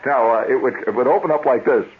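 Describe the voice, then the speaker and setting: A medium-pitched man talks fast as he hosts a radio show, heard on a dull lo-fi 1970s broadcast with slight background noise. It's a rambling monologue of wry storytelling, often broken by his own interruptions.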